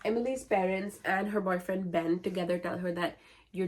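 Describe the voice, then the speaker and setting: A woman with a low voice retells novels in a casual vlog. Her delivery is wry and sarcastic, full of offhand asides. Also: level tone, fairly quick, a little mellow. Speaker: book vlogger. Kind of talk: casual book-summary vlog.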